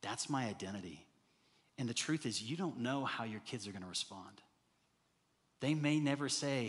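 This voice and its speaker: A man preaching a sermon as pastor, animated and rising to loud, emphatic bursts. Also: medium pitch, normal speed, pauses often. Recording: hall reverb.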